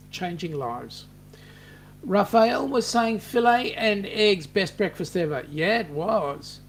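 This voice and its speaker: A middle-aged man with an Australian accent hosts a casual live chat, rambling warmly through stories and reading out viewer comments with many ums and restarts. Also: fairly high pitch, slight background noise. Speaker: host of a cruising livestream.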